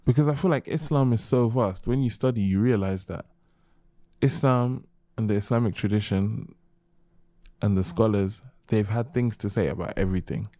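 A man's voice: on the low side, moderate pace, dark tone, no echo. A young man from the United Kingdom, a podcast guest, explaining history with many examples in a conversational way. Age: young adult. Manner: expansive, explaining with examples and asides. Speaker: guest, Islamic history speaker.

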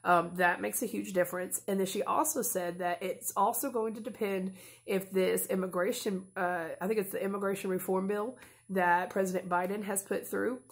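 A woman's voice: mid-range voice, fairly even intonation, normal speed, vocal fry. A woman in her thirties talking casually and earnestly to camera in a home vlog, rambling at times and openly emotional. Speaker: vlogger.

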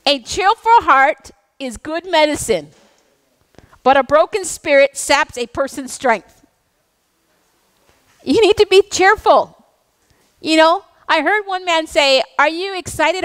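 A middle-aged woman pastor delivers a sermon with intense, animated energy. Her voice sits high, and she drops into playful, self-mocking asides. The sound is dry and close, with little room around it. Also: no echo. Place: church sanctuary.

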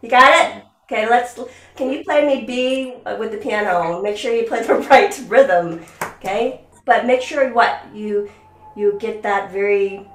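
A woman's voice: medium pitch, unhurried, reverberant, recorded from a distance, slight background noise. A woman teaching violin over a video call, coaching a student and singing rhythms aloud. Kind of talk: online music lesson.

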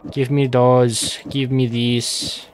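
This young man's mid-range voice stays level and slow as he chats casually over his own gameplay. The let's-play commentary is rambling and jokey, punctuated by abrupt panicky bursts, and there's slight background noise.

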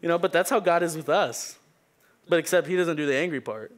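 Young male preacher, pastor's kid, slightly higher voice, chatty joking sermon delivery. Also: a little fast. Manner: casual, joking, filler-heavy preaching. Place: church sanctuary.

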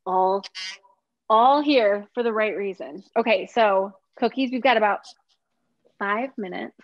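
On a muffled, dull-sounding video call, a Minnesota woman hosts a relaxed cooking chat, upbeat, talkative and quick to laugh. Her voice sits in the mid range and she speaks without hurry, and the recording itself is dry.

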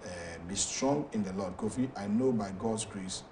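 A Ghanaian man with a fairly low voice hosts a talk show, reading out viewer messages haltingly and stumbling over names. He sits back from the microphone, and steady background noise runs under his voice. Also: distant mic. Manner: halting, hesitant reading with frequent fillers.

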